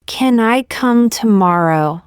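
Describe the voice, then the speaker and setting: A woman reading short example sentences one by one for English learners, in a slow, deliberate, evenly paced way. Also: fairly high pitch, lively intonation, clear, resonant tone, no room sound, clean studio sound. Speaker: English teacher.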